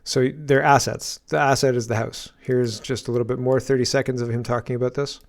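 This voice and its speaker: A man's voice: medium pitch, little pitch movement, a little fast, a crowd in the background. Sarcastic man ranting as show host. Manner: sarcastic, bursts into loud exasperated outbursts. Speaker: political commentary host. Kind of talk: casual commentary rant.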